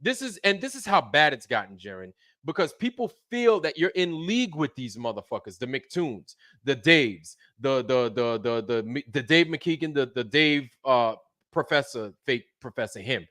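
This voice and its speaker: A man's voice: mid-range voice, big pitch swings, normal speed, fairly bright tone, no echo. A man hosting his channel, delivering an angry, profane rant full of repeated phrases. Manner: heated, profane, repeats himself. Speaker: channel host.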